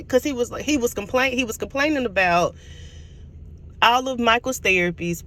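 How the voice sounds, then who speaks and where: A woman recapping a TV episode in a casual vlog, animated and storytelling, laughing often and apologizing for it. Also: a little high, brisk. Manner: giggly, keeps laughing and apologizing; animated storytelling, acts out quotes. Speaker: TV show reviewer.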